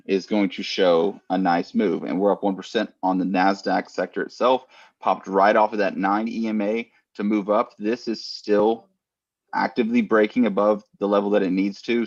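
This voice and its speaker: A man, a trading coach, steadily explaining market index charts. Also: fairly low pitch. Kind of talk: chart analysis commentary. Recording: slightly muffled sound.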